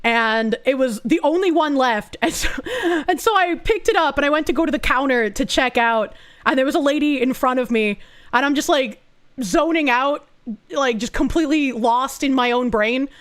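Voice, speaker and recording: High-voiced woman streamer, rambling and profane. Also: normal speed, fairly bright tone. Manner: rambling and profane, full of fillers like "like". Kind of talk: casual storytelling chat.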